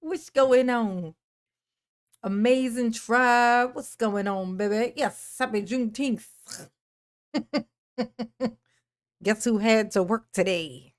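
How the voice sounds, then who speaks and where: A woman with a bright, high voice hosts a casual livestream and greets viewers by name with affectionate pet names. She talks in an unhurried way, refers to herself as Mama, and laughs often between greetings. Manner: calls herself Mama in the third person. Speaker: livestream host. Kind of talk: casual live-stream chat greeting viewers.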